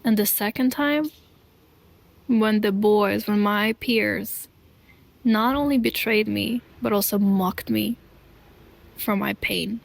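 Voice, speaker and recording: A woman telling her own life story to camera in an earnest, deliberate way, pausing between short phrases. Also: medium pitch, creaky, no echo. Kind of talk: slow confessional storytelling.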